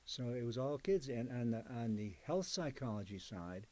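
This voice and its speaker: A man's voice: medium pitch, sing-song, moderate pace, darkish tone. An older man, a psychologist and professor, recalling his career in an oral history interview, speaking in a conversational, digressive way. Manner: conversational, digressive storyteller with fillers.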